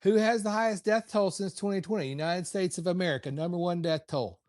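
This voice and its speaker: Man guesting on a casual chat, insistent and declarative, a little high-pitched, dry close sound. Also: fast, darkish tone, no echo.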